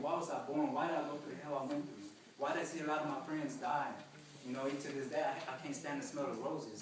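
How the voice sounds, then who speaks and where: A man's voice: medium pitch, background noise. Man sharing his testimony in a hall. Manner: earnest, plain-spoken storytelling with repeated "you know". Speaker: speaker giving testimony. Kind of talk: personal testimony talk. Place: large echoey hall with an audience. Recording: very echoey hall, distant mic, crowd behind.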